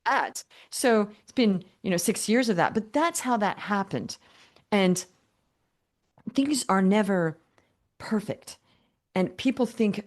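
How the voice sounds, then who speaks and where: An older woman guest telling her business story in an interview, animated and humorous, acting out both sides of past conversations. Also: medium pitch, slow pace, pauses often. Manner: animated, acts out dialogue with quoted voices, humorous.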